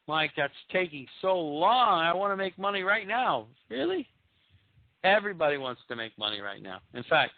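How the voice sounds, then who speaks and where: A man's voice: on the high side, no echo. A man hosting a business podcast, talking emphatically with rhetorical questions and repeated points. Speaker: podcast host. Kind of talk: motivational business talk. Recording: tinny phone-like lo-fi sound.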